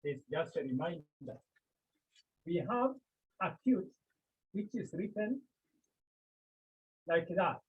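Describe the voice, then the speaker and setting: Slow husky male teacher. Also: high voice, big pitch swings, narrow, tinny audio. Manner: slow, repeats key terms, explains step by step. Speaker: Greek teacher. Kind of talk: classroom lesson. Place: classroom.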